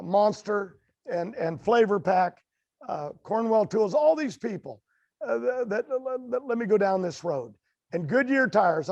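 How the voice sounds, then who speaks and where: An older American man, a racing guest, telling stories in a halting, rambling way with many fillers and restarts. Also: high-pitched, darkish tone, no echo, muffled recording. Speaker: guest, drag racer. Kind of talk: storytelling interview.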